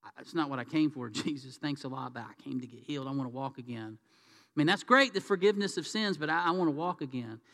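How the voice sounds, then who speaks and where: A man preaching a sermon, telling the story with animated asides and acted-out voices. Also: medium pitch, fast. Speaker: pastor. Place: church hall. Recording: reverberant church hall.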